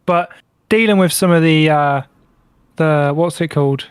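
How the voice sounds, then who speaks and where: A man co-hosting a podcast, telling a story with animated energy and frequent swearing. His voice sits a little higher than most men's, recorded close and dry with no room sound. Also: a little slow, smooth, dry recording. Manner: animated, swears freely, acts out his own reactions. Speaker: podcast co-host. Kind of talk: casual storytelling banter.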